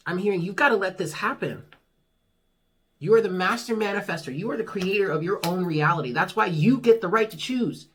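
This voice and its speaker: Husky, frank tarot reader giving pep talks. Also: medium pitch, a bit bright. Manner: frank, swears casually, reassuring and pep-talking; laughs at own jokes. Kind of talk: casual monthly tarot reading to camera.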